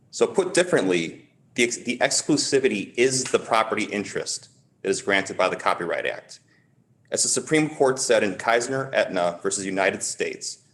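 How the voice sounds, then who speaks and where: Lower-voiced attorney arguing in court. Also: male voice. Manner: measured, emphatic, repeats key words for stress. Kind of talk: formal appellate oral argument.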